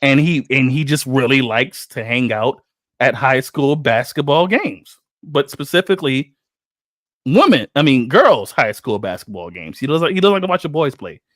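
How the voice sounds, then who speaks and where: A man hosting a casual podcast, joking and cursing as he tells stories. His pitch swings widely as he acts out what other people said. The sound is dry and close, with no room echo. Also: normal speed. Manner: animated storyteller who acts out other people's quotes; profane, joking. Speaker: podcast host.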